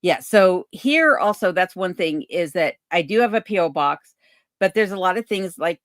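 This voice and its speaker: Relaxed woman hosting a livestream Q&A. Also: on the low side, no room sound, studio quality. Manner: relaxed, unhurried, many ums, reads chat comments aloud. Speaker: channel host answering viewer questions. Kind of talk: casual livestream Q&A. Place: home cabin in remote Alaska.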